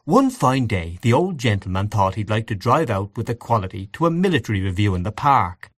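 Low-voiced man narrating classic fiction. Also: sing-song, a little fast, no echo, clean studio sound.

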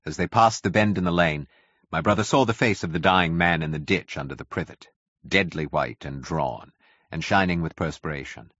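A man reading a classic novel aloud as a narrator, with dramatic, expressive storytelling. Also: deep voice, normal speed, no echo, muffled recording. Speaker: audiobook narrator.

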